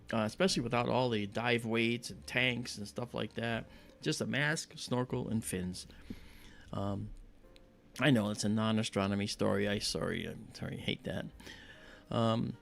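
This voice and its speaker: A man's voice: mid-range voice, vocal fry. A man hosting a live astronomy stream, chatting in a rambling, friendly way with many fillers and greeting viewers by name. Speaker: livestream astronomy host. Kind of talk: casual livestream chat.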